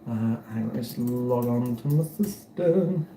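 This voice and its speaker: A man's voice: medium pitch, moderate pace, warm tone, slight background noise. A man with an English accent chatting casually to his livestream viewers, rambling and self-deprecating as he tells a story and fiddles with his setup. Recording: roomy echoey home recording.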